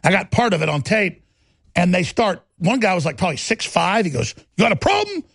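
A middle-aged man hosting a talk show, ranting in a heated, mocking monologue with a raspy voice. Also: sits high, expressive, brisk, fairly bright tone, dry recording. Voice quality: gravelly, raspy.

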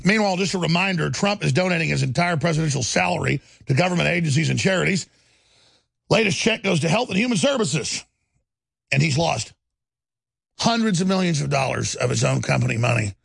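A middle-aged man hosting a political talk show, ranting and swinging between low growls and high mocking voices. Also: gravelly, a bit bright, husky, no room sound.

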